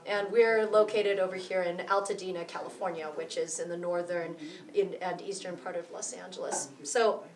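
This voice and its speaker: A woman's voice: on the low side, steady tone, normal speed, hardly any pauses, crowd noise. A woman explaining rhythm in a drum lesson at a cultural center, counting beats aloud in a friendly way. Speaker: music teacher. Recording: roomy echo, mic far off.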